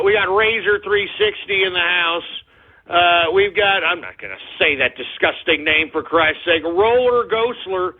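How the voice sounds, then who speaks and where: A man with a Texan accent hosting a talk radio show, ranting belligerently and hurling profane insults at his listeners. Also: high-pitched. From Texas. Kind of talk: abrasive call-in radio rant. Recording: phone-like lo-fi radio audio.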